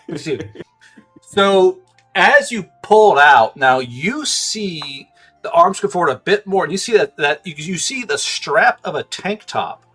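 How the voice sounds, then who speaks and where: A man's voice: high voice, expressive, takes it slowly, pauses often, sharp tone, husky, faint music behind. A man narrating as game master, stammering, laughing and swearing loosely.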